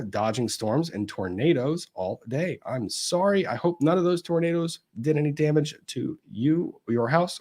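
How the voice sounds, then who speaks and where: A man hosting a casual live stream, reading viewers' greetings aloud in a chatty way, his pitch swinging up and down as he goes. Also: breathy edge. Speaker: livestream host of a legal commentary show.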